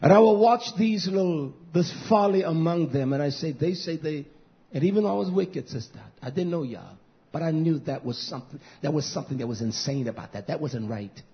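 Man, high voice, fiery scolding sermon, dull recording. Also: animated, a little fast. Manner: fiery, scolding, swings between shouted and hushed lines. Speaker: preacher.

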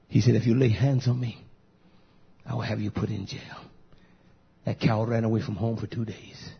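Husky, fiery preacher, muffled lo-fi recording. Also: male voice. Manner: emphatic, blunt, swings from shouting to low muttering. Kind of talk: fiery sermon.

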